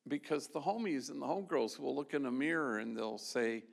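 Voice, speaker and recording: A man's voice: medium pitch, brisk, creaky. A man, a Jesuit priest, giving an award talk to an audience, telling stories in a loose, conversational way with frequent restarts. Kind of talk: storytelling speech to an audience. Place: event hall with a live audience.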